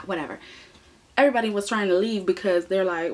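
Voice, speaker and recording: A woman reviewing a soap opera in a sassy, animated way, firing off rhetorical questions and quick asides. Her voice has a husky, slightly breathy grain and sits at an ordinary middle pitch. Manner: sassy, animated, laughs often; frequent rhetorical "okay?". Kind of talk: casual commentary.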